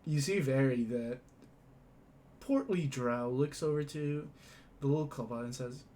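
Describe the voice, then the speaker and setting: A man narrating a tabletop game as game master, in a halting way. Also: mid-range voice, warm tone, slight background noise.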